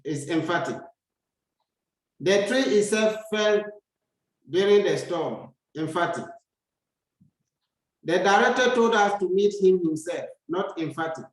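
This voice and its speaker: Male grammar teacher, unhurried and repetitive, raised pitch, strong room echo. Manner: slow, deliberate, repeats sentences for learners. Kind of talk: slow grammar lesson. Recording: echoey room.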